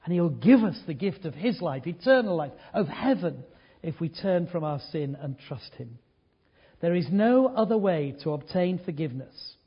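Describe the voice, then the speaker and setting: Husky preacher, earnest and emphatic. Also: male voice, on the high side, animated, normal speed, lo-fi sound. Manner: earnest, swings from hushed to emphatic. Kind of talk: sermon with storytelling.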